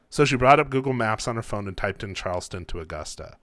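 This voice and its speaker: A man reading his own fiction aloud, calm and unhurried. His voice sits on the low side. The sound is dry and close, with no room around it. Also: no echo. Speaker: author.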